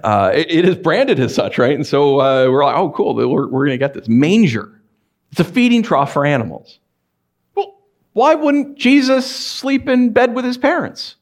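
A pastor preaching a conversational sermon in a church, animated and questioning the congregation. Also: male voice, high voice, unhurried. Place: church sanctuary.

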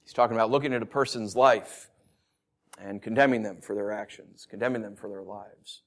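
A man's voice: lowish voice, fairly even intonation, brisk. A man in his thirties preaching a sermon in a conversational way, with self-mocking asides and emphatic rises. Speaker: pastor.

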